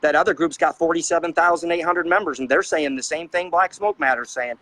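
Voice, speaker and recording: A man's voice: a little high, brisk, pushed and bright, no echo, poor audio. A middle-aged man on a panel show, ranting with fiery, preachy anger and firing off rhetorical questions as a trucker advocate. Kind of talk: impassioned rant.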